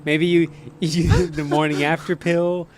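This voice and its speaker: A man's voice: fairly high pitch, level tone, a little slow, slight background noise. A man co-hosting a podcast, chatting in loose, slangy banter and laughing often. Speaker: podcast co-host. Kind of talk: casual crude banter.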